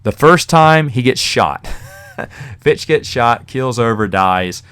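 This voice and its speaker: A man's voice: mid-range voice, expressive, takes it slowly, fairly bright tone, smooth. A man hosting a podcast, casually reviewing a novel in a rambling, chatty way with fillers and the odd chuckle. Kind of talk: casual spoken book review.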